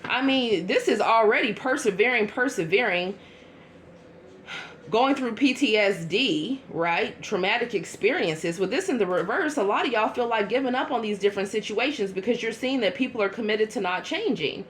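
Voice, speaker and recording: A woman giving a casual tarot reading to her viewers, chatty and blunt, with quick asides. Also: a little high, lively intonation, slight background noise. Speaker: tarot reader.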